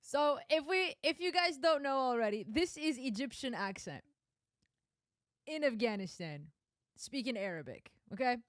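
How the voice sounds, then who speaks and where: A young woman streamer giving casual reaction commentary on film clips, animated and emphatic, with frequent asides. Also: high-pitched, normal speed, no room sound.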